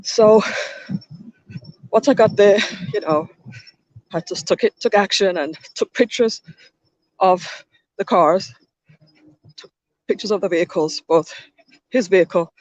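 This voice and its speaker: A woman's voice: medium pitch, a little slow, long pauses, darkish tone, dry recording, muffled recording. A woman hosting a livestream, chatting and telling a rambling story while walking outdoors in a park, with frequent restarts. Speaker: livestream host.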